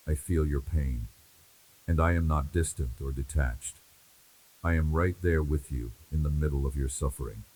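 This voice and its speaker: A man delivering a scripted devotional message in God's voice, in a measured, repetitive and reassuring cadence. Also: extremely low pitch, a little mellow, slight background noise, poor audio. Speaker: devotional speaker.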